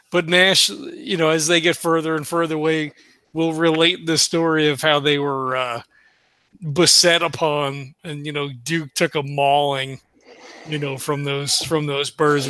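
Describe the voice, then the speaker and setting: A man playing a tabletop game in a bright, forceful voice, recorded dry and close. He rambles and hesitates with plenty of fillers. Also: a little high, clean tone, no echo. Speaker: player. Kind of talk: casual tabletop play.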